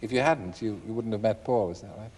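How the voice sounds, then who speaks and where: A man's voice: lowish voice, fast, darkish tone, husky. A man hosting a television chat show, interviewing guests with wry, teasing banter. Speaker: talk show host. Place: television studio. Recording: studio reverb with audience.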